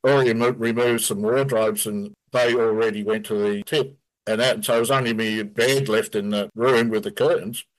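A man's voice: fairly low pitch, steady tone, moderate pace, low-quality recording. An Australian man, a guest, telling a story casually and vividly. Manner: vivid storyteller who acts out quotes.

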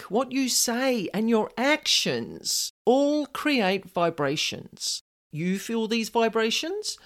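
Animated woman in her fifties. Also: medium pitch. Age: 50s. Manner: earnest, animated, conversational. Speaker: spiritual advisor. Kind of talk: direct-to-camera advice talk.

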